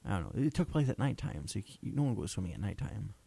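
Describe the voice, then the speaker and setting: Young man with a gravelly, dark voice. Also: lowish voice, big pitch swings, fast talker. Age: young adult. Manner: rambling, playful, laughs often. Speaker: co-host. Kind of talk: casual chat.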